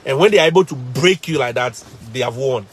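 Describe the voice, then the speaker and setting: Speaking to live viewers, a Ghanaian English–accented man who teaches shares stories in a casual, animated way, emphatically repeating phrases for effect. He's medium-pitched and fairly quick, with slight background noise.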